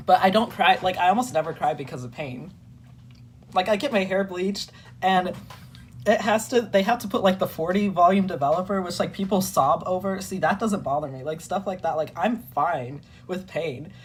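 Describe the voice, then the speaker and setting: A young woman chatting casually as a guest, telling a story in an animated, dramatic way, full of "like" and fillers. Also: lowish voice, moderate pace, slight background noise. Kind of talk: casual chat.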